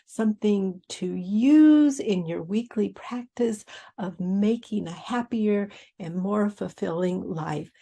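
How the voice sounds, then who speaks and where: A woman hosting an inspirational talk, speaking in a gentle, reflective way and walking through a personal example. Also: mid-range voice. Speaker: host.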